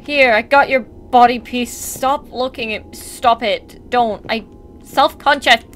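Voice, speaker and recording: A woman's voice: a little high, slow, a bit bright, slight background noise. Sarcastic woman narrating a horror game. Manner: chatty, sarcastic, jumpy, talks to the mannequins. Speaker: gameplay streamer.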